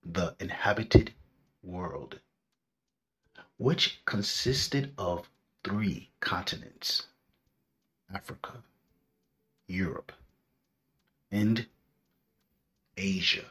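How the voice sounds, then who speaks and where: A man narrating a scripted history lecture in a measured, deliberate way, drawing out his phrases. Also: deep voice, sharp tone. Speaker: history presenter.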